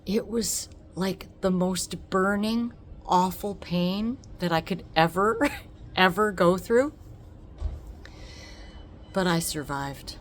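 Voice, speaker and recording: A woman telling a personal story on her vlog, emotional and expressive, laughing often. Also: on the low side, slow pace, long pauses, a little hiss or hum. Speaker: vlogger.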